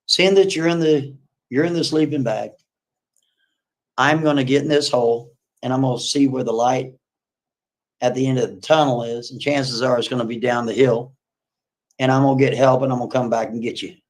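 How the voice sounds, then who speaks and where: A man quoting a steady rescuer in a crisis, who talks in an urgent, reassuring way. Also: mid-range voice, normal speed, close to an everyday voice.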